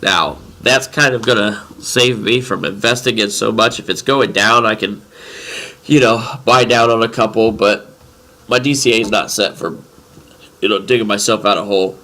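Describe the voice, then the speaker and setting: A congested man talking casually through his trading bot settings, rambling with halting restarts. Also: lowish voice, steady tone, pushed and bright. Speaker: crypto trading bot vlogger. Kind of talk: casual screen-share commentary.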